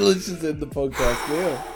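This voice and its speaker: A man's voice: a little high, lively intonation, unhurried. A man in his thirties co-hosting a podcast, reacting with laughter and short remarks. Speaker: podcast co-host. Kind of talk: casual chat.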